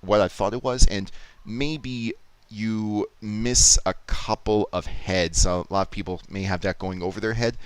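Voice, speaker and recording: A man's voice: fairly low pitch, steady tone, measured pace, smooth, no room sound. A man casually talking through his video editing on a live stream, explaining and thinking aloud with restarts. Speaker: YouTube Poop editor streaming.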